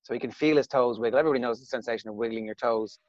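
A man hosting a casual podcast, chatting quickly and recounting anecdotes. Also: mid-range voice, a little mellow, no room sound, muffled recording. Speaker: podcast host. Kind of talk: casual chat.

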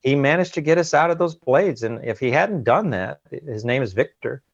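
A man speaks as an interview guest with a gravelly, creaky voice. He talks in an earnest, halting way, often doubling back on his words. The sound is dry and muffled, like a lo-fi remote line. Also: medium pitch, lively intonation, no room sound. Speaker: guest recounting a submersible ordeal. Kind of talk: emotional interview account.

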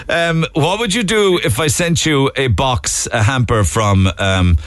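A man's voice: medium pitch, unhurried, a bit bright, no echo. A man with a Cork accent hosting a casual radio phone-in, teasing his caller and laughing often. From Ireland. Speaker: radio show host. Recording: faint music behind the studio voice.

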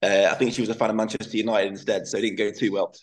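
A man's voice: fairly low pitch, level tone, racing, poor audio. A young man from England, a DJ and presenter chatting casually as an interview guest, rambling a little with fillers.

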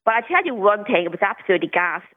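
A woman's voice: medium pitch, very animated, very fast. A woman, a caller on a radio phone-in, talking candidly with occasional stuttered repetitions. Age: 60s. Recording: tinny phone line.

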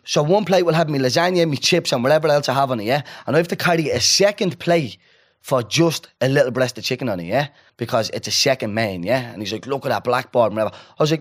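A man, co-hosting a casual podcast and telling a story with lively asides, acting out the people he quotes. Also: medium pitch, fast. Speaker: podcast co-host. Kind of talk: casual chat.

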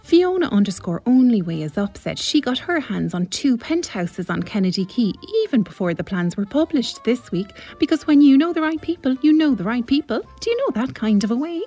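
A woman's voice: mid-range voice, sing-song, moderate pace, few pauses, warm tone, husky, faint music behind. A woman voicing a status-obsessed suburban socialite who gossips breathlessly in a comic radio sketch. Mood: gossipy. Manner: gossipy, breathless name-dropping.

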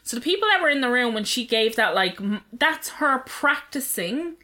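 Bright, higher-voiced woman chatting. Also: animated, normal speed. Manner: chatty, gossipy, reads headlines aloud. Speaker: podcast co-host. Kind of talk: casual chat.

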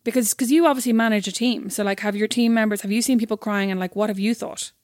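A woman in a brisk, playful podcast chat who talks fast and drops in teasing remarks. Her voice has a mid-range pitch. It is recorded close and dry. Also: steady tone, a little mellow, no echo. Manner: teasing, quick interjections. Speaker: podcast co-host. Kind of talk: casual chat.

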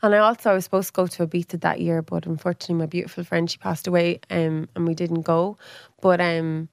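A woman's voice: flat delivery, quick pace, vocal fry, no room sound, studio quality. A woman, chatting as a guest and telling a personal story, acting out what people said with big jumps in her voice. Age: 30s. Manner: chatty, acts out quoted speech with big pitch jumps. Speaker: podcast guest. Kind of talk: casual storytelling.

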